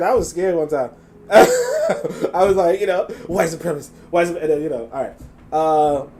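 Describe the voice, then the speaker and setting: A man hosting a live reaction stream, reading chat comments aloud and mocking what he hears, swearing and laughing as he goes. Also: mid-range voice. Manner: animated, mocking, swears freely, laughs often.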